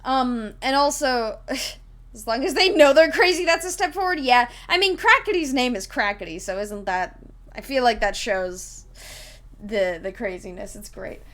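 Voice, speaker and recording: A woman's voice: fairly high pitch, animated, normal speed, a bit bright. A woman streaming live, chatting casually with viewers in a rambling way, giggling and full of fillers while she explains a tabletop game.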